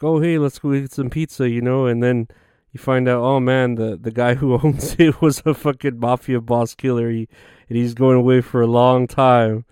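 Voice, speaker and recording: Man, podcast host, casual rambling monologue, swears a lot, smooth clear voice, dry close sound. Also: medium pitch, darkish tone, no echo. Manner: profane, rambling, heavy filler words.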